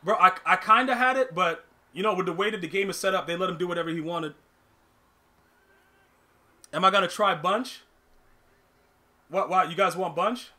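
High, bright-voiced ranting gamer guy. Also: moderate pace, long pauses. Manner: animated, ranting, repeats and restarts words, slangy. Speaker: gaming streamer. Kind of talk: live gameplay commentary.

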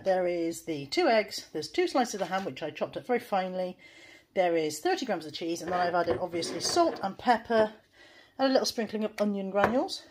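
A woman's voice: medium pitch, a little mellow, husky. A British woman chatting frankly to her phone camera at home as a vlogger, self-deprecating and casual. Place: at home, kitchen and bedroom.

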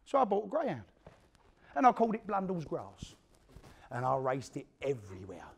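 A man's voice: fairly high pitch, normal speed, vocal fry, slightly rough, exaggerated voice. A man playing an East End career criminal in a one-man stage play, telling his violent story in coarse, swearing East London street talk and acting out what others said. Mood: gritty. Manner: animated storyteller who acts out the quotes of others. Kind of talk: theatrical monologue to a live audience.

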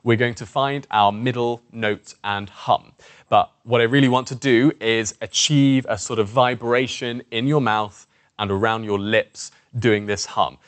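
A man's voice: mid-range voice, fairly even intonation, measured pace. Encouraging male voice coach. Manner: encouraging, demonstrative, coaxing participants along. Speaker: presentation skills coach. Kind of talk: instructional voice warm-up lesson.

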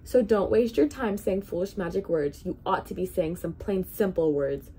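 A woman's voice: medium pitch, normal speed, dark tone, husky. A woman reading a storybook aloud, voicing a bold young boy who speaks bluntly and earnestly. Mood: earnest scolding.

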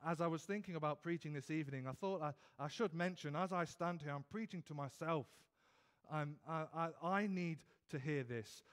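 A man's voice: fairly high pitch, fairly quick. A man with a British accent preaching an evening sermon in church, earnest, often restarting and repeating words as he builds emphasis. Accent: British English.

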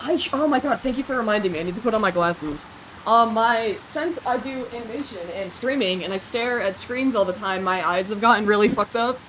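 A young woman streaming a video game, reacting excitably, joking, swearing and chatting with her viewers. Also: a little high, brisk, slight background noise, low-quality recording. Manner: excitable, jokey, swears freely, talks to chat. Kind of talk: live gameplay commentary, chatting with viewers. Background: game music.

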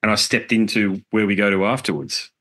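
A middle-aged man talks in a very deep, low register. He recounts things earnestly and reflectively, with casual swearing, in a relaxed interview chat. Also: a little fast. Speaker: podcast guest, musician.

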